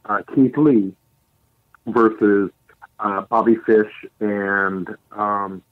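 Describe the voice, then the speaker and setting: A man with a low voice co-hosts a podcast, talking casually and recounting events in an animated play-by-play. His voice is recorded close and dry, with no room sound. The audio is slightly dull and lo-fi. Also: very slow, no echo. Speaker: podcast co-host. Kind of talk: casual chat.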